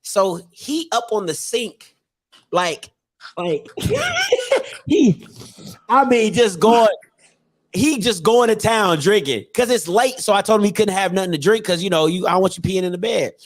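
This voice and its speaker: A man hosting a relaxed talk show, spinning family anecdotes. His voice sits a little high and jumps around wildly in pitch as he acts out each character, and he breaks into laughter often. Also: unhurried. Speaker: podcast host. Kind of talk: casual storytelling.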